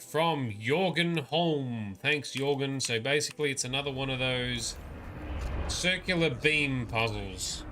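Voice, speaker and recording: A man's voice: medium pitch, measured pace, sharp tone. A man giving casual, joking live commentary on a game stream and reading chat messages aloud. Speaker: livestreamer. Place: at a gaming PC. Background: game music.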